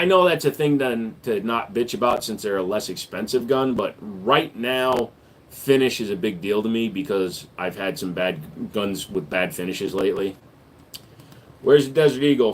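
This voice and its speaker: A man's voice: lowish voice, normal speed, slight background noise. Laid-back man answering livestream chat. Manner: relaxed and joking, louder when hyping viewers. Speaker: livestream host and gun store owner. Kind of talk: casual livestream chat answering viewer questions.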